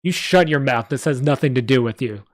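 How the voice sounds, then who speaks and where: A man's voice: medium pitch, a little fast, dry recording, studio quality, close to an everyday voice. A man voicing a small, hunched, greedy goblin with a New York accent who snorts and mocks. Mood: angry. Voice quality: loud, snorting and mocking.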